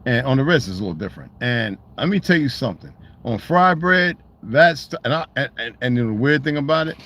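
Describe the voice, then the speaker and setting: A man's voice: medium pitch, lively intonation, brisk, few pauses, fairly bright tone. A man talking in a loose, rambling monologue, swearing freely and restarting his sentences. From United States. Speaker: channel host.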